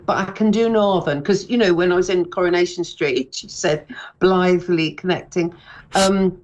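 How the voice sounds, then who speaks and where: A woman's voice: lowish voice, fairly even intonation, normal speed, a little mellow, lo-fi sound. A woman in her sixties, a comedian and author, chatting on the radio in a rambling, self-deprecating way with many restarts. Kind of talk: casual radio interview.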